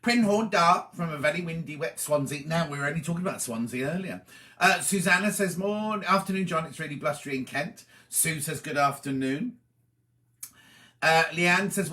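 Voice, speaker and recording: A chatty man hosts a live stream, greeting viewers one by one and reading their messages aloud. His voice sits slightly high for a man and sounds bright and forward. He talks in a relaxed, friendly way. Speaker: host.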